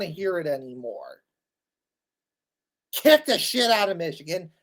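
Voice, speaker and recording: A man's voice: on the high side, very animated, measured pace, a bit bright. A man in his thirties ranting bluntly in an exasperated, scolding commentary. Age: 30s. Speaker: sports commentator.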